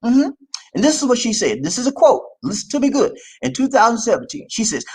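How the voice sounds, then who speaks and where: A man giving casual video commentary, animated and repetitive, laughing often and speaking straight to his viewers. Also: high-pitched, fast.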